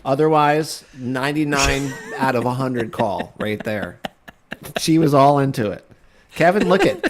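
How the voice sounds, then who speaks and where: A man's voice: medium pitch, expressive, unhurried. Wry swearing comedy co-host, a man. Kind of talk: casual comedy banter.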